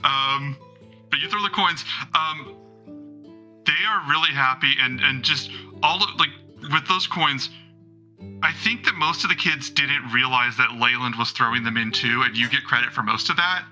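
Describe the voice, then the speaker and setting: A man's voice: mid-range voice, normal speed, pushed and bright, soft background music, poor audio. A man narrating a tabletop game as game master, rambling with lots of fillers. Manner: rambling, many fillers and restarts.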